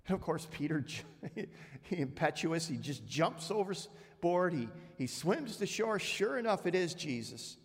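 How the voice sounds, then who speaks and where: A man's voice: high voice, big pitch swings, measured pace. A male pastor preaching a sermon, retelling scripture conversationally with frequent restarts. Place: church sanctuary. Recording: long church hall reverb.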